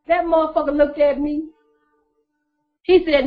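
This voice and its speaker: High-voiced woman, blunt and profane. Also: normal speed. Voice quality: profane, blunt, laughs often. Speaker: vlogger. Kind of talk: casual storytelling to camera. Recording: dull lo-fi recording.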